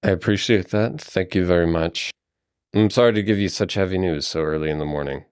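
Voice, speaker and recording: A man's voice: low voice, brisk, smooth, no echo, studio quality, lightly acted. A man voicing a courteous, grave male forest guide who speaks formally and respectfully.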